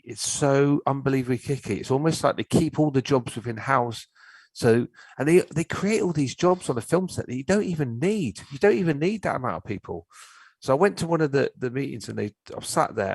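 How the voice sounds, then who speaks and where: A man's voice: mid-range voice, vocal fry, breathy edge, dry recording, low-quality recording. A man, telling a story in a blunt, ranting way as a filmmaker guest on a casual chat show. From Cornwall, England.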